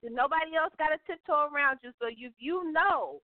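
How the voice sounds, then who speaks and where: A woman's voice: high-pitched, brisk, dry recording. A woman co-hosting a casual talk show, speaking emphatically and repeating phrases for effect. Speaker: co-host. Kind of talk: casual chat. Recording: tinny phone-like line, dry.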